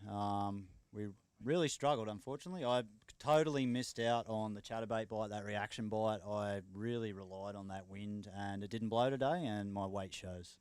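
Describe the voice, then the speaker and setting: A man's voice: lowish voice, clear, resonant tone, no room sound. A man, an angler talking plainly about his fishing day, a bit rueful, with fillers. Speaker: tournament angler. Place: outdoors at a lakeside weigh-in.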